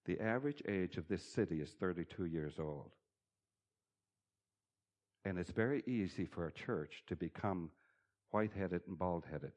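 Animated male preacher with a lively voice. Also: deep voice, normal speed, pauses often. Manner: animated, swings from loud bursts to quiet asides. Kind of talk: sermon.

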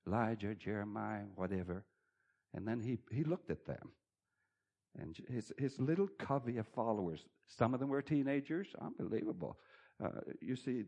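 Animated male preacher with a lively voice. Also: fairly low pitch. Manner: animated, swings from loud bursts to quiet asides. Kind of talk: sermon.

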